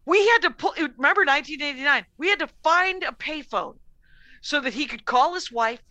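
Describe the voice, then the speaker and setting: A middle-aged woman comedian tells a rowdy story in a relaxed podcast conversation. Her voice is bright and a touch high, recorded dry and close. She laughs often and swears freely as she talks. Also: fairly quick, no echo. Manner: animated, laughing storyteller with profanity. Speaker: comedian guest.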